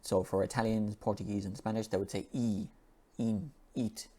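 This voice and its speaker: Low-voiced man teaching English pronunciation. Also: steady tone, warm tone. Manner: slow and repetitive, drawing out and repeating sounds. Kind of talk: pronunciation lesson, reading an article aloud.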